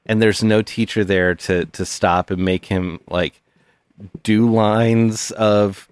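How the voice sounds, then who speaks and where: A man co-hosting a comedy podcast, joking with mock solemnity in a deadpan manner. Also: lowish voice, slow, smooth, no echo, studio quality. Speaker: podcast co-host. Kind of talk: casual comedic chat.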